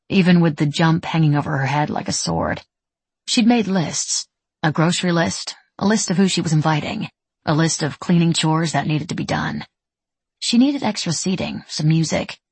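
A woman narrating an audiobook in a measured, wry storytelling manner. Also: deep voice, gravelly, a little mellow, breathy edge, no echo. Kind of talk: scripted narration.

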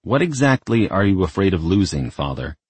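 A man's voice: low-pitched, very animated, fairly quick, darkish tone, slightly rough, dry recording, heavily acted. A man voicing a defiant, sarcastic young man who is the devil's son.

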